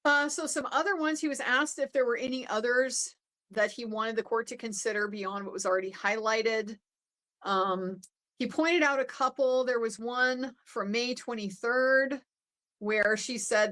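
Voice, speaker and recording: A woman's voice: fairly high pitch, unhurried, fairly bright tone. Woman legal commentator, casual recap, conversational and unscripted. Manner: conversational, many fillers and restarts.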